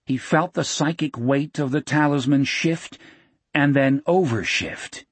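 A man reading an audiobook narration in a measured, expressive way, shifting pace with the action. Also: fairly high pitch, husky, no room sound.

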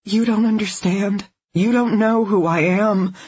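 A narrator playing a frightened young woman in an audiobook thriller, pleading in a high, breathless voice. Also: brisk, a little mellow, slightly rough, close to an everyday voice. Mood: desperate. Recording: dull lo-fi recording.

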